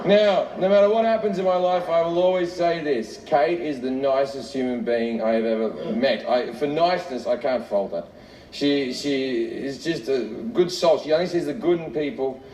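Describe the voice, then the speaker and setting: A man's voice: medium pitch, moderate pace, a little mellow. A middle-aged man doing a stand-up comedy routine, telling a profane, self-mocking story with laughs. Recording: echoey, distant, noisy live recording.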